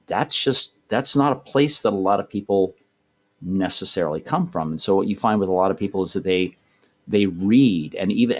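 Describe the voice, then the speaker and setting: Middle-aged man, very low voice, thoughtful, rambling interview guest. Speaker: voice director guest. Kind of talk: casual interview talk.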